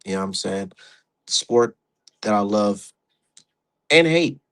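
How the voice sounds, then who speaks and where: A man's voice: fairly low pitch, lively intonation, slow pace, fairly bright tone. Profane laughing man on a livestream. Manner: loose, profane, laughs at his own jokes. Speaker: boxing livestream host. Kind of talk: casual live-stream commentary.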